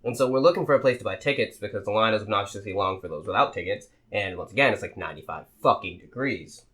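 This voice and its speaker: A man's voice: fairly low pitch, fast talker. Young man telling a story with gusto. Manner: animated storyteller, heavy swearing, acts out quotes. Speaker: podcast co-host. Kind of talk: casual chat, storytelling.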